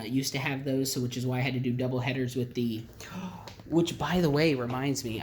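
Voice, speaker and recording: Model train vlogger, eager, rambling, mid-range pitch, casual show-and-tell, home layout room. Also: a little hiss or hum. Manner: rambling, many ums and restarts, eager. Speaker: model railroad channel host.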